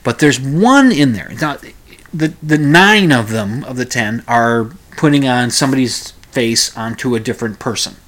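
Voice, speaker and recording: A man's voice: mid-range voice, lively intonation, normal speed, fairly bright tone. Rambling male radio show host. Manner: rambling with frequent restarts. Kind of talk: casual solo podcast monologue.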